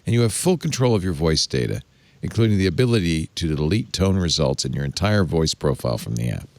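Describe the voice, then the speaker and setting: A man's voice: low voice, wildly swooping pitch, brisk, gravelly, a little mellow, dry recording. A man hosting a tech talk show, reading press text aloud and mocking it with wry asides. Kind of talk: casual panel chat.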